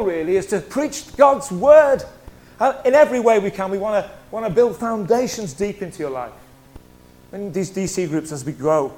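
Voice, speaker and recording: A male pastor, preaching a lively, conversational sermon full of humorous stories. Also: sits high. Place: church hall.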